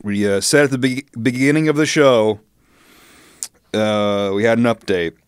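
A man's voice: medium pitch, a little slow, clear, resonant tone, dry recording, clean studio sound. A man co-hosting a comedy podcast in casual chat, joking and laughing often. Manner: giggly, jokey, laughs often. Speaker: podcast co-host.

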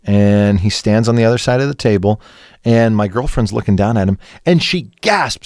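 A man co-hosting a comedy podcast, telling a long rude anecdote in casual chat, animated and swearing freely. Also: on the low side, normal speed, no echo, studio quality. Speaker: podcast co-host.

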